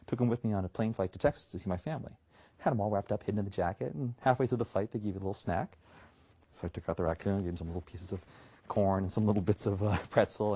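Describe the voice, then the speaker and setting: A man's voice: on the low side, a little mellow, breathy edge. A man doing comic stage patter as a magician, playful and chuckling between jokes.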